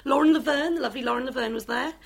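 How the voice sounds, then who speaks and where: A woman's voice: high-pitched, rapid-fire, gravelly. A woman with a Welsh accent chatting casually and rambling, with many ums and restarts. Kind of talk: casual chat.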